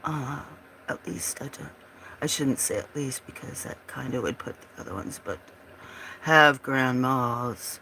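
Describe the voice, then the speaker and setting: A giggly host chats loosely while drawing on a livestream, breaking into laughter often and leaving sentences unfinished. The talk is slow and drawn out, with a faint hiss of room noise underneath. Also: medium pitch, bright, forceful tone. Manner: trails off mid-sentence. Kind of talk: casual chat while drawing.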